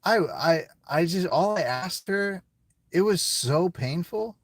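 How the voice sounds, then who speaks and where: Man near tears, halting and profane. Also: sits high, lively intonation, no echo. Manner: halting, repeats words, heavy swearing. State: emotional, near tears, voice dropping. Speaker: interviewee.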